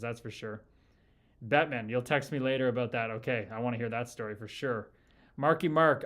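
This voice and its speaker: A man in his early thirties hosting a livestream, reading chat and talking casually, swearing often and calling everyone brother. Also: medium pitch. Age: early 30s. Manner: profane, loose and enthusiastic, calls people brother. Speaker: podcast host reading live chat.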